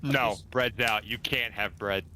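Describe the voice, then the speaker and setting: A man's voice: on the low side, a little slow, sharp tone, slight background noise. A man playing a tabletop game, joking and teasing another player. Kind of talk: tabletop role-play banter.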